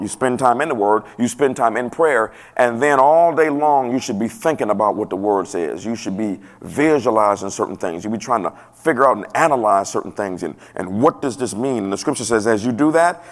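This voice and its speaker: A man preaching a sermon in a casual, playful way that swells to loud emphasis now and then. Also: lowish voice, fairly quick, few pauses. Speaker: pastor.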